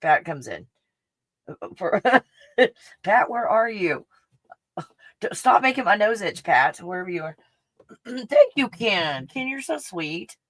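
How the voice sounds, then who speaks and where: A woman's voice: medium pitch, very animated, slow, pauses often, dry recording, rough recording. A woman from Texas with a faint Texas accent, chatting casually on a livestream, reading viewer comments, swearing freely and laughing often. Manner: profane and candid, laughs often.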